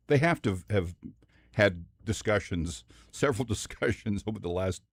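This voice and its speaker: A man co-hosting sports talk radio, talking in a measured way and hedging as he reasons aloud. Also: lowish voice, animated, husky, dry recording, studio quality. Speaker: radio co-host. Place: radio studio. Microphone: studio microphone.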